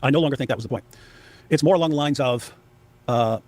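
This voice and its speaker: Fast-talking sarcastic man. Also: a little mellow, no room sound. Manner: sarcastic, mocks others in exaggerated high-pitched quotes. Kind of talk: casual commentary.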